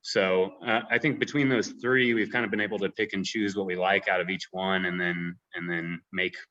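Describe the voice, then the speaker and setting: Deep flat-voiced man, dull call audio. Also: normal speed. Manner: hesitant, filler-heavy, relaxed. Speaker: head distiller. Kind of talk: casual panel talk.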